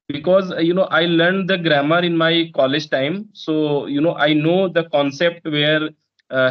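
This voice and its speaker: A man, a learner speaking hesitantly with many fillers in casual conversation practice. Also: fairly high pitch. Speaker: English learner guest. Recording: dull lo-fi sound.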